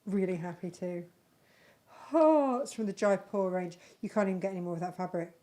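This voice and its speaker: A woman's voice: mid-range voice, a little fast, warm tone. A woman hosting a live crafting channel, chatting casually and rambling fondly about handmade bags she is selling. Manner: chatty, rambling, fond of her makes. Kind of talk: casual live-stream product chat.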